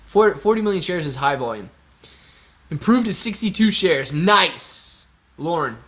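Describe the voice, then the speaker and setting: With a high-pitched, expressive voice and a measured pace, this male streamer sounds bright and forceful. He keeps things joking and loose, addressing chat by name and answering comments, all captured on a phone serving as his webcam.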